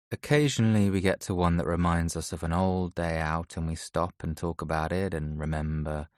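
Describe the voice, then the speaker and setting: A man narrates a first-person audiobook softly and reflectively. His voice sits low, and the close studio recording is dry with no room sound. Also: no echo. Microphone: close studio mic.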